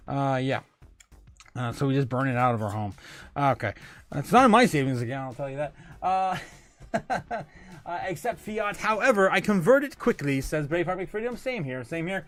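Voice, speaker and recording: A man's voice: a little high, big pitch swings, normal speed. A man hosting a crypto livestream, casually reading out viewer comments with lots of laughter and filler words. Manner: laughs often, hesitant with many fillers.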